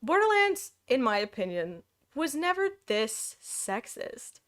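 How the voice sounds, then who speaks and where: A woman co-hosting a podcast in casual book club chat, animated and exclamatory, often laughing. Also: fairly high pitch, slow. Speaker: podcast co-host.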